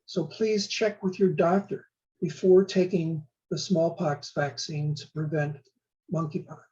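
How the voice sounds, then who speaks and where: An older man, a law and public health professor, giving a measured, prepared explainer talk. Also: fairly high pitch, fairly even intonation, a little mellow, muffled recording. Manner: measured, slow spelling out of terms.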